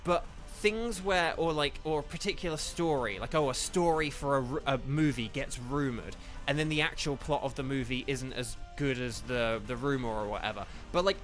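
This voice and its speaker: Guy on a game stream, bright sharp voice, rambly and full of ums, quiet game music under it. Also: mid-range voice, moderate pace, few pauses. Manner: rambling, filler-heavy, self-correcting. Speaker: voice actor streaming a game with chat. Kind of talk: casual live-stream chat while gaming. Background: faint game music.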